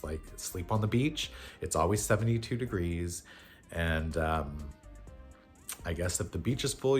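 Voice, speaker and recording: A man in his thirties casually telling a funny personal story, animated and shouting at the panicky moments. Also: low voice. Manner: animated, jumps to loud shouts when acting out the panic.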